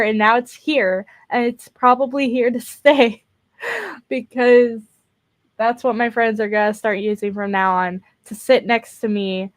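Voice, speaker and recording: A tired young woman chats unhurriedly on a live stream from her bedroom, her voice sitting a little high. She rambles, doubles back on her words and fills gaps with laughs and ums. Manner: rambling, repeats words, frequent laughs and fillers. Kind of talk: casual live-stream chat. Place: bedroom at home.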